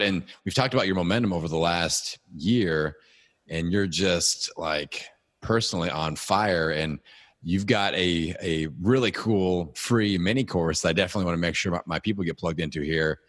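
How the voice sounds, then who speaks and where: Deep-voiced encouraging podcast host. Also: male voice, normal speed, a bit bright. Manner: encouraging, thoughtful. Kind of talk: casual podcast interview.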